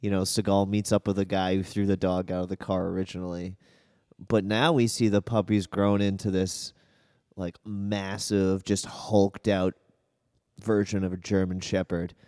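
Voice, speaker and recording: A man's voice: deep voice, level tone, normal speed, warm tone, no echo, clean studio sound. A man in casual podcast chat, telling his version of events in a laid-back way. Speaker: podcast co-host.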